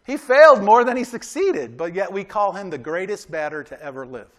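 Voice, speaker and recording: A man delivers a sermon in a loose, chatty style, tossing "right?" out to his congregation between points. His voice sits notably high for a man. He pushes hard when he exhorts his listeners to try harder and train to win. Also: expressive, brisk, fairly bright tone. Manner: conversational preaching with frequent "right?" asides; emphatic, exhorting. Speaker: pastor.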